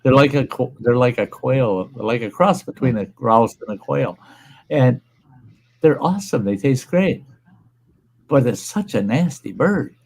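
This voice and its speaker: A man hosting a relaxed chat show, spinning a rambling story from his farm days. He swears freely and jumps into the voices of the people he quotes. His pitch sits in the middle for a man. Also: unhurried, breathy edge. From Upper Midwest United States. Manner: profane, animated storyteller acting out quoted people. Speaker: host.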